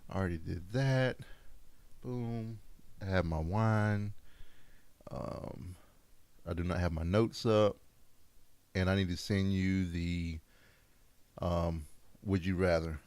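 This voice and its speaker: A man's voice: low voice, fairly even intonation, takes it slowly, pauses often, darkish tone, no room sound. A man from co-hosting a casual podcast with his wife, joking and swearing loosely as he chats. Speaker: podcast co-host. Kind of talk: casual chat.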